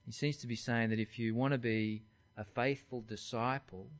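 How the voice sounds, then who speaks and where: A man gives an expository sermon, walking his listeners through scripture point by point. His voice sits at an ordinary middle pitch, and his delivery stays conversational rather than grand. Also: steady tone, moderate pace. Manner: conversational, explains verse by verse. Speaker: preacher. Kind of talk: expository Bible teaching.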